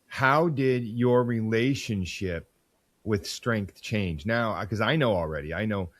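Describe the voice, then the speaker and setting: A man's voice: on the low side, slow pace. A man hosting a podcast, asking questions in a casual, encouraging and affirming way. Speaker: podcast host.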